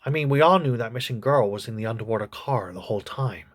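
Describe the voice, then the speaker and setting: A man voicing a crude, gossipy old male politician who reviews a TV show in a comedy sketch, with a husky voice. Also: medium pitch, expressive, fast, close to an everyday voice. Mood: snarky.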